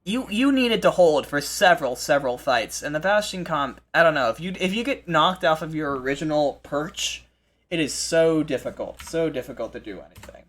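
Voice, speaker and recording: A man hosting a live esports broadcast, commentating with excitable energy and frequent restarts. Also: fairly high pitch. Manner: excitable, fast restarts and repeated phrases. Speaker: esports play-by-play host.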